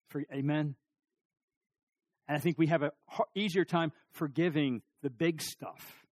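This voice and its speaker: A middle-aged male pastor delivers a sermon in a voice a touch higher than most men's. He swings between emphatic, rising lines and quiet, near-whispered moments, often asking his listeners questions. The recording is dry and close. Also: dry recording. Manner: animated storytelling, rising emphasis and sudden drops to near-whisper; asks the congregation questions.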